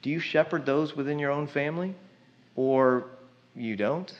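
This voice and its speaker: A man's voice: a little high, normal speed, lo-fi sound. A man preaches a sermon in a conversational, emphatic way, often putting questions to the congregation.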